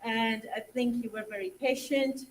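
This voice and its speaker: Young woman, teacher, near tears, hesitant, fairly high, far from mic. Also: steady tone, slight background noise. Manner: halting, many fillers, trails off. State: close to tears. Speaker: young substitute English teacher. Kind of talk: emotional thank-you speech. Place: school assembly hall. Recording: distant mic in a hall.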